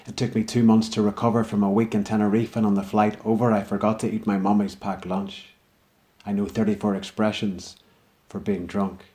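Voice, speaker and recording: A man with a Northern Irish accent performing comic spoken-word poetry in a wry, deadpan recital. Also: lowish voice. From Northern Ireland.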